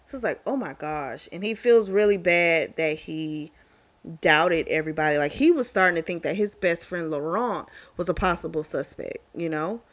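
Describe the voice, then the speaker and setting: Woman, slightly low voice, casual book recap, candid, blunt, swears freely. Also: animated, moderate pace. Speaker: book reviewer.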